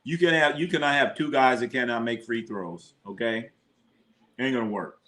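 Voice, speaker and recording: A man in the middle range of pitch hosts a live sports watch party. His talk is loose, animated and full of swearing and laughter as he reacts to plays and argues with his chat. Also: normal speed. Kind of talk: casual live sports commentary.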